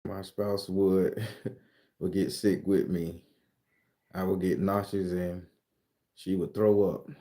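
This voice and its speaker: A man, from Florida, holds a casual live chat. His voice sits fairly low and sounds mellow and relaxed. He tells profane, animated stories and answers viewers as they chat. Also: takes it slowly, long pauses. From southern Florida. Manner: profane, animated storyteller reading out viewer comments. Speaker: host.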